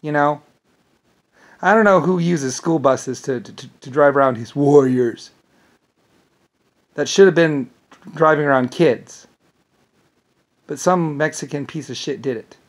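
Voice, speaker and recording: A man's voice: on the high side, a little slow, pauses often. Indignant man ranting, swearing. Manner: profane, indignant, repeats words when stumbling. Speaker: vlogger. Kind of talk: angry rambling monologue.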